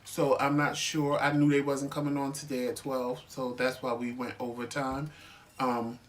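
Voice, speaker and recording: An easygoing man co-hosting a relaxed chat show. He rambles a little as he talks, in a playful way, and goes over his points more than once. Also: mid-range voice, moderate pace. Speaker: co-host of a couple's talk show. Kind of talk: casual chat.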